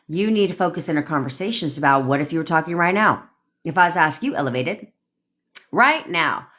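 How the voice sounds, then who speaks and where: A woman's voice: fairly low pitch, fairly bright tone. A woman coaching viewers on a livestream, talking casually and bluntly with plenty of swearing, and answering commenters by name. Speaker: manifestation coach hosting a livestream.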